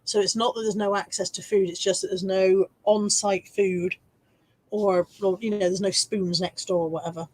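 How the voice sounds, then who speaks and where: A woman's voice: steady tone, normal speed, darkish tone, rough recording. A woman hosting a casual live stream from home, reading viewer comments aloud and laughing easily. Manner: high baby-talk voice to her dog.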